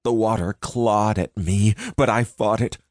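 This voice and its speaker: A man's voice: fairly low pitch, fairly even intonation, measured pace, a little mellow, dry recording, clean studio sound. A man narrating a first-person audiobook in a dramatic, intense reading.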